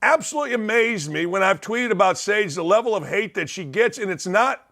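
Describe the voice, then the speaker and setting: Guy hosting a sports talk show, high voice, hammering his point home over and over. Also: expressive, brisk, sharp tone. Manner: emphatic, repetitive, building. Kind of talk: opinionated monologue.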